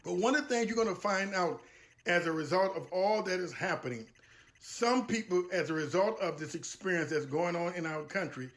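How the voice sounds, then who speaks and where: A man delivers a motivational talk. He speaks in a preacherly, emphatic way, circling back to key phrases and slowing down to stress them. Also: on the high side, fairly bright tone. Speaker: guest speaker.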